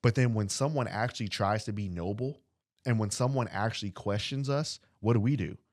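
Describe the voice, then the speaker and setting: A man with a lowish, slightly mellow voice preaches a podcast sermon at a brisk pace, in clean studio sound with no room sound. He speaks earnestly, repeating phrases, putting questions to his listeners and acting out short dialogues.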